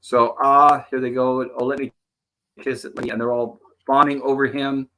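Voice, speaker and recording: Male host of mid pitch, chatty commentary, acts out bits of dialogue. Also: flat delivery, moderate pace, bright, forceful tone, slight background noise. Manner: retells scenes, quoting the characters' lines. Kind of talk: casual episode commentary.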